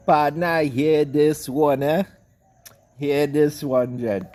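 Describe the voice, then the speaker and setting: A man's voice: a little high, fairly even intonation, slow pace, a little mellow. A man with a Trinidadian accent telling a rambling comic story in dialect, cussing and carrying on as an online commentator.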